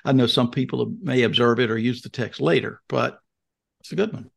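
A pastor chatting casually about preaching, talking in a chatty way. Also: male voice, medium pitch, brisk, creaky, husky. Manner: chatty, laughs easily. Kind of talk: casual conversation.

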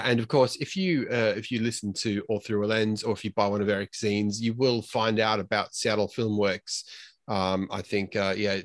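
A man's voice: on the low side, no echo. Chatty man hosting a podcast. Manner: stumbling over words, chatty and self-deprecating. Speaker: podcast host. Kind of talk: casual podcast chat, reading listener entries aloud.

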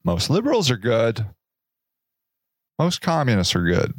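Man, podcast host, sarcastic rambling monologue, slow unhurried delivery, pitch swinging widely, dry close sound. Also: huge pitch swings, no room sound. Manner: sarcastic, rambling, laughs at his own jokes. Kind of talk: casual monologue.

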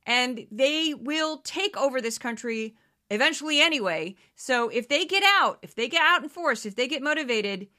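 Bright-voiced woman podcaster. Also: high-pitched, normal speed. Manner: animated, self-deprecating, laughs often. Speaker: podcast host. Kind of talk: commentary podcast.

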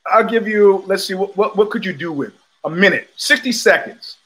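A man's voice: high-pitched, normal speed. An older man with a New York accent hosting a livestream, telling stories bluntly and with swagger, often restarting his sentences. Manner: blunt, animated storytelling with frequent restarts and profanity. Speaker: show host. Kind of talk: casual livestream monologue.

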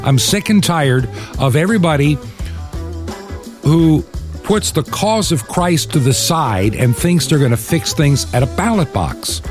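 A man's voice: a little high, lively intonation, a little slow, soft background music. A man hosting his own podcast in a casual, opinionated monologue, restarting words as he grows indignant. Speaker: podcast host.

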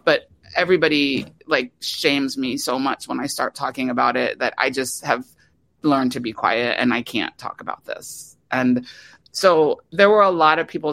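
A woman's voice: a bass voice, normal speed, fairly bright tone. A woman, a documentary director, talking in an interview and telling a story with many fillers and restarts. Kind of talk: conversational interview.

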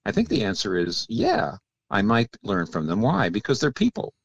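A man speaking as a theologian guest in an interview, explaining ideas in a measured, teacherly way and often dropping into quiet asides. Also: on the low side, wildly swooping pitch, creaky, dry recording, highs cut off.

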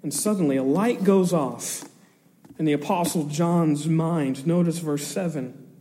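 A man's voice: on the high side, a little slow, warm tone, long reverb tail. A man preaching an expository sermon, retelling a scripture story vividly with chuckling asides.

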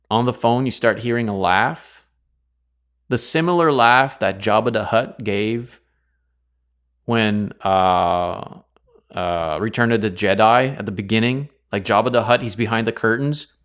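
A man with a fairly low voice leads a Bible study. He talks casually and rambles, breaks off to correct himself and drops in chatty asides. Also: unhurried, a bit bright.

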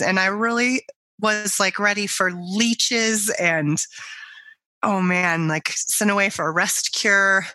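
Female co-host, hoarse scratchy voice, bright tone, dry close mic. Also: mid-range voice, steady tone, takes it slowly, dry recording. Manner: laughing, self-deprecating. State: hoarse from the flu. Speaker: podcast co-host. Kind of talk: casual podcast chat.

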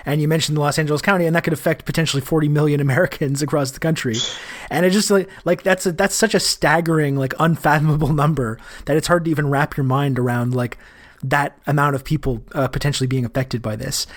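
Rambling man with a higher voice. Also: steady tone, quick pace. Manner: rambling, many "like"s. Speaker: podcast host. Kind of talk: casual political podcast talk.

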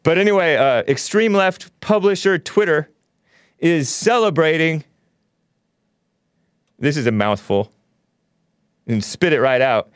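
A man's voice: fairly high pitch, measured pace, pauses often, clean tone, no echo, studio quality. A man hosting a talk show, talking in a rambling, opinionated monologue with frequent chuckles. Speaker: show host.

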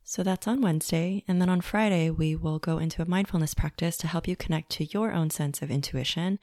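A woman podcast host reading a personal essay in a calm, reflective way. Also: on the low side, fairly quick, no room sound, studio quality.

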